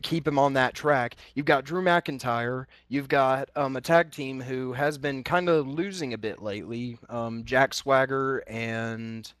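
A man on a podcast with a mid-pitched voice. He talks in a halting way, pausing often and filling gaps. The recording is dry and close. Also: fairly bright tone, no room sound. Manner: halting, many fillers and pauses. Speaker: podcast panelist. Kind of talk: casual chat.

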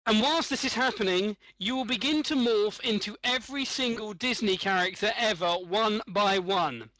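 High-voiced playful male host. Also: moderate pace, sharp tone, no echo, low-quality recording. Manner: playful game-show setups. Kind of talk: comedy podcast banter.

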